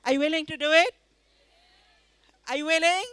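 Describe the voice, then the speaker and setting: High-voiced woman telling a story. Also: normal speed, dry recording. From India. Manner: lively, coaxes the audience to join in, laughs often. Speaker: author reading to an audience. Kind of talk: interactive storytelling reading. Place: festival tent.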